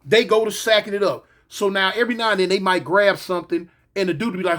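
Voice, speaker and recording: A man telling a story in a casual, animated way, acting out the voices of the people in it. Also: high-pitched, quick pace, few pauses.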